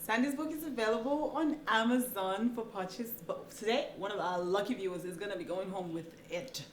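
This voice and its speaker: A woman's voice: medium pitch, brisk. Chatty woman talk show host. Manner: chatty, laughs often. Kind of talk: casual interview chat. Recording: echoey room with faint noise.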